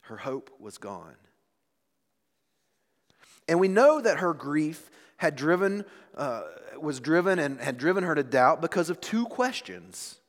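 Animated preacher in a reverberant hall. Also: male voice, fairly high pitch, normal speed, few pauses. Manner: expressive preaching with dramatic swings in volume. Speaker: pastor. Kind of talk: sermon. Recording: long reverb of a large hall.

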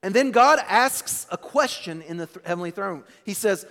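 A man's voice: sits high, animated, normal speed, hardly any pauses, sharp tone. A male pastor giving a sermon in a church, talking casually and conversationally, often restarting his words. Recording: long reverb in a church hall.

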